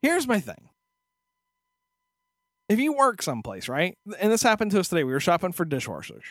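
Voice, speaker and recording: A man's voice: high-pitched, wildly swooping pitch, a little fast, fairly bright tone, no room sound, studio quality. A man co-hosting a podcast, telling a story as a profane, exasperated rant in casual chat. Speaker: podcast co-host.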